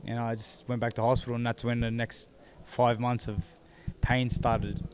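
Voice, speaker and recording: A man, seated as an interview guest, telling his own story in a halting way that repeats words as he goes. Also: medium pitch, flat delivery, crowd noise. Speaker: interview guest, former boxing champion. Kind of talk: candid personal storytelling.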